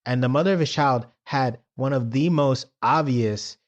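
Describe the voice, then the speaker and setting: A man co-hosting a podcast in casual chat, expressive and playful. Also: moderate pace, highs cut off. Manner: expressive, swooping pitch, playful. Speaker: podcast co-host.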